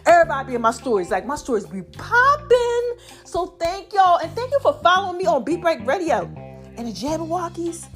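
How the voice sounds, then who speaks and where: A woman hosting a casual faith podcast, talking to her listeners in an animated, preachy way and a little out of breath. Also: very high voice, quick pace, faint music behind. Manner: animated, preachy, calls listeners y'all and child. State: a bit out of breath. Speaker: podcast host.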